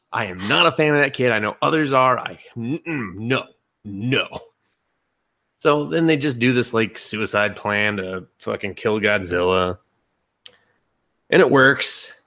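Speaking slowly with long pauses in a mid-range voice, a young man on a laid-back anime podcast narrates a film's plot. He's animated and profane, laughing and mocking quoted lines as he co-hosts.

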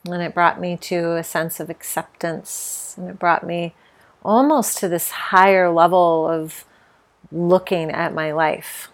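A middle-aged woman hosts her own podcast in a reflective personal monologue. She speaks candidly and with feeling, often reaching for fillers. Her voice sits slightly low. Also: steady tone, a little slow. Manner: candid, emotional, with many fillers. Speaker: podcast host.

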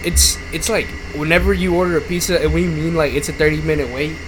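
A man, a podcast guest who works at a pizza shop, telling stories in casual chat in an animated, profane way. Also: a little high, quick pace. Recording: noisy background.

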